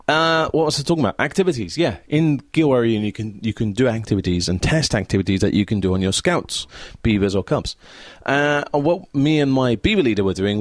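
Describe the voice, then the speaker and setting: A man's voice: fairly low pitch, no echo. A man hosting a casual solo podcast from his home, chatting in a rambling, easily distracted way as a Scout leader. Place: at home by a window.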